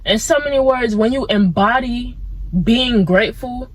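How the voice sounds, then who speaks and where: Young woman, vlogger, rambling laid-back motivational chat, fairly high voice, dry close sound. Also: unhurried, no room sound, rough recording. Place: outdoors among plants.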